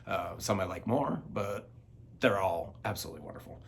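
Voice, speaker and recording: A man with a somewhat low voice talks through his latest record haul in a loose, unscripted way. He gets excited, trips over his words, restarts sentences and fills the gaps with ums and uhs. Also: moderate pace, vocal fry. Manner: enthusiastic, rambling, with frequent restarts and fillers. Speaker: vinyl collector channel host. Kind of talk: casual record-haul chat.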